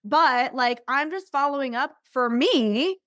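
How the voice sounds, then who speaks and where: A woman's voice: high-pitched, animated, measured pace, fairly bright tone. A woman business coach giving an upbeat, chatty training and constantly checking in with "right?". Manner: acts out invitees in bubbly voices.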